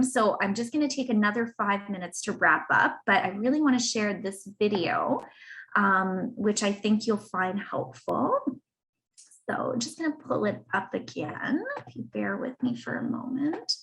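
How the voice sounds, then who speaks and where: A woman's voice: mid-range voice, fairly bright tone, rough recording. A woman presenting a webinar as a cancer coach, explaining in an earnest, patient way and giving example phrases, on a computer mic over a video call. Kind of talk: online presentation.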